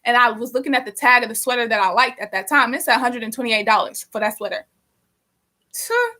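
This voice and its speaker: A young woman telling a story casually during a live stream, animated and profane, rambling with lots of fillers. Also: a little high, a little fast.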